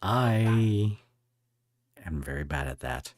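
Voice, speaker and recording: A man hosting a podcast interview, asking questions in a rambling, halting way with many restarts. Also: sits low, expressive, no room sound, studio quality. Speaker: podcast host.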